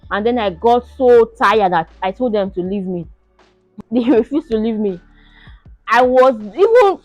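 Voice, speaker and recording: A young woman telling her own story to the camera in an animated, casual way, laughing often and acting out the shouts and pleas. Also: mid-range voice, no room sound, lo-fi sound. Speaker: vlogger sharing her birth story.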